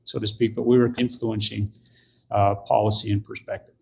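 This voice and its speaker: A man's voice: on the low side, flat delivery, brisk, creaky, darkish tone. An older man, a podcast guest, telling a story in conversation and acting out the quoted voices.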